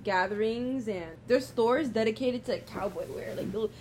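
A young American woman from California chats easily on a podcast, with lots of fillers. Her voice sits a little high. Faint noise hums behind her. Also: normal speed, darkish tone. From California, USA. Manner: easygoing, chatty, lots of fillers. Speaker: guest. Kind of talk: casual podcast chat.

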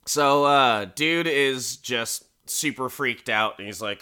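A man's voice: medium pitch, slow pace, pushed and bright, smooth. A man casually recapping a show, rambling and swearing, laughing often and acting out characters' lines. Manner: rambling, profane, laughing, acts out quotes.

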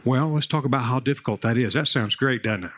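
A man's voice: mid-range voice, fast talker. A man preaching a sermon, telling Bible stories and family anecdotes in a casual, conversational way. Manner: conversational, animated storytelling with raised voice in anecdotes. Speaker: pastor.

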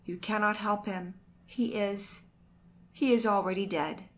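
A woman's voice: medium pitch, animated, slow, fairly bright tone. A woman voicing a breathless male farm messenger in a storybook reading, gasping and urgent.

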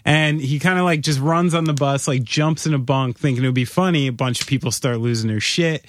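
A man hosting a podcast, telling stories in a casual, animated way and swearing freely. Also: medium pitch, brisk, a little hiss or hum. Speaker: podcast host. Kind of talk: casual interview chat.

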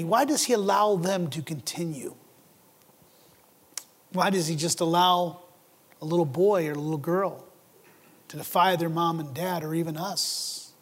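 A high-pitched man preaches a sermon with earnest conviction. He stumbles over his openings, doubling words, and he presses his listeners with rhetorical questions. His voice rings out with a long reverb, as in a large church sanctuary. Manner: earnest, asks rhetorical questions, repeats words when starting a phrase. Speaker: pastor.

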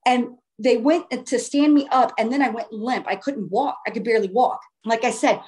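Woman, higher voice, casual first-person storyteller, earnest and emphatic, restarts phrases. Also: moderate pace, darkish tone.

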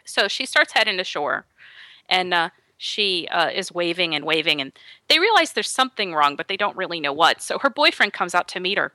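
A woman co-hosting a podcast tells a story in casual chat, animatedly performing the voices of the people she quotes. Her voice is on the low side and a little fast, with no room sound.

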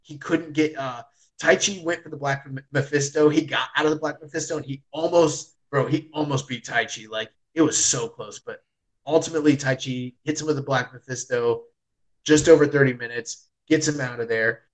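A man in casual chat, retelling a match as an excitable storyteller who fills his talk with "like" and swears freely. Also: mid-range voice, normal speed, low-quality recording. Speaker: podcast host reviewing wrestling.

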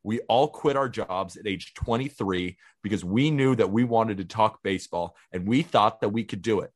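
A man's voice: fairly low pitch, moderate pace. A man in his twenties co-hosting a podcast, talking in an eager, heartfelt way. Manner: enthusiastic, heartfelt. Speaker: podcast co-host. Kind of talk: casual chat.

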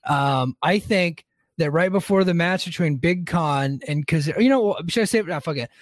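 A man's voice: fairly high pitch, moderate pace, no room sound, studio quality. A man co-hosting a wrestling podcast, recapping events in a loose, joking way with frequent laughs. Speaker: podcast co-host.

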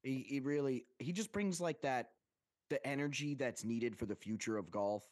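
A man of medium pitch co-hosts a golf podcast, talking fast and loose with plenty of swearing and filler words. His voice is close and dry, with no room sound. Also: dry recording. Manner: animated, profane banter with frequent "like" fillers. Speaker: podcast co-host. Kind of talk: casual podcast chat.

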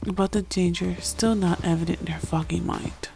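A woman's voice: lowish voice, moderate pace, gravelly, soft background music. A woman chatting casually with fillers, then reading a romance story aloud. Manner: chatty, filler-heavy intro then steady narration. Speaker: fan fiction reader.

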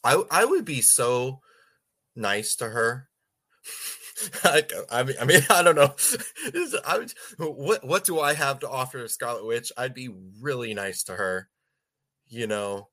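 Bright-voiced man rambling through chat. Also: medium pitch, animated, measured pace. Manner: rambling, stumbling over words, laughs often. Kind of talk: casual chat.

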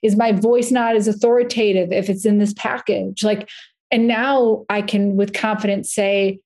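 A woman talking as a podcast guest, telling stories in a chatty, animated way with lots of "like". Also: medium pitch, normal speed. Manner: chatty, animated storytelling with frequent "like". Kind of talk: casual podcast conversation.

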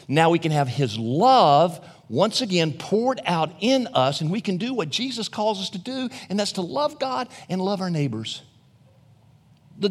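Animated high-pitched preacher man. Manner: emphatic, animated preaching with rhetorical questions. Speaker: pastor. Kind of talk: radio sermon.

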